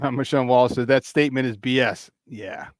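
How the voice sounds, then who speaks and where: A man's voice: medium pitch, fairly even intonation, brisk, no echo. A man with a Chicago accent hosting a casual live-streamed sports talk show, riffing animatedly and greeting chat viewers by name.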